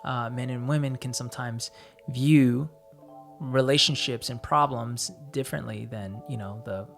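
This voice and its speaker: A man co-hosting a relaxed conversation with his partner. He thinks aloud, halting and restarting with plenty of fillers. Soft music plays faintly underneath. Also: medium pitch, gravelly. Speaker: co-host. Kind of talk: casual couple chat.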